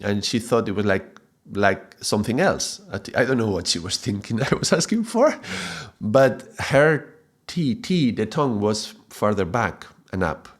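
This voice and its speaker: Soft-spoken man. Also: on the low side, big pitch swings. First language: Spanish. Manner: halting, often repeats and restarts words, checks in with "yeah?". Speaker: mantra teacher. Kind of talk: explanatory video lesson.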